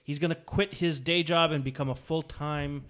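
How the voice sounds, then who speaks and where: A man's voice: fairly high pitch, steady tone, a bit bright. Rambling man with a Toronto accent. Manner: rambling, halting with many fillers. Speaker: podcast host. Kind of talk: casual chat.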